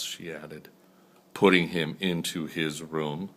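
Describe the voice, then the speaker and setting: Brief: grandfather reading a storybook, slow and low. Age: older. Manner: unhurried, expressive storybook reading. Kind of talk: reading a picture book aloud.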